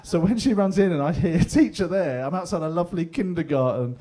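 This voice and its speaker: A man's voice: a little high, lively intonation, fast, dark tone. A middle-aged man with a London accent doing stand-up comedy in a pub, chatty and swearing, slipping into other people's voices. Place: pub stage with live audience.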